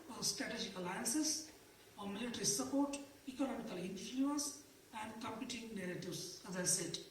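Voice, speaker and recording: A woman's voice: a little high, a little mellow, a little hiss or hum. A woman giving a conference panel presentation, hesitant, with many fillers and restarts. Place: conference room. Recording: echoey hall, distant mic.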